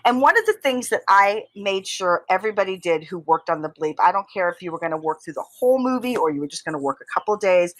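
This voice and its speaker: A woman guest on an interview show, telling long stories in a chatty, animated way with plenty of asides. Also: mid-range voice, no echo, poor audio. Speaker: guest, filmmaker and author. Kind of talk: casual interview storytelling.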